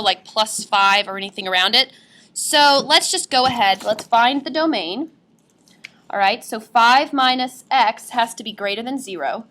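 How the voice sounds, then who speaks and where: A woman's voice: a little high, pushed and bright. Casual woman teacher working a problem. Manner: casual, folksy phrasing. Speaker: math teacher. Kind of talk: classroom lesson.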